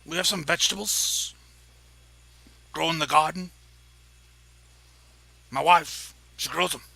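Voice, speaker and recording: A man's voice: on the high side, slow pace, vocal fry, sharp tone, breathy edge, no room sound, full character voice. A man playing a terse innkeeper who used to be an adventurer. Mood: matter-of-fact. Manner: terse, matter-of-fact. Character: former adventurer, plain middle-aged innkeeper.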